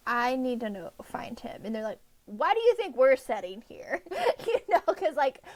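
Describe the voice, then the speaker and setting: A woman's voice: high voice, moderate pace. A woman co-hosting a podcast, chatting casually about a book and acting out the characters' lines with bursts of laughter. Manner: animated, acts out characters' lines while laughing. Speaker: podcast co-host. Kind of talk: casual book recap chat.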